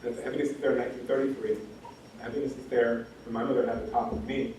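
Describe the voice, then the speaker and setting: A man's voice: mid-range voice, level tone, racing, darkish tone. Impassioned man in a very echoey hall. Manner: impassioned, repeats phrases for emphasis, many ums. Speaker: education scholar giving a talk. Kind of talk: lecture talk. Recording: very echoey hall, distant mic, faint noise.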